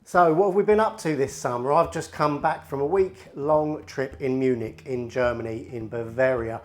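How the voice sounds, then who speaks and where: A man's voice: mid-range voice, moderate pace. A man hosting a home cooking video, chatting casually and joking to the camera. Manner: chatty, jokey, talks to camera in asides. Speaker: cooking channel host. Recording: music playing underneath.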